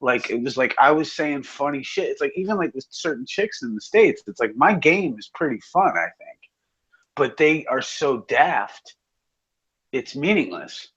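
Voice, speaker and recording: A man's voice: medium pitch, big pitch swings, normal speed, fairly bright tone, breathy edge. A man in a casual chat who rambles and swears a lot, with many fillers. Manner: profane, rambling, filler-heavy. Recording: dull lo-fi audio.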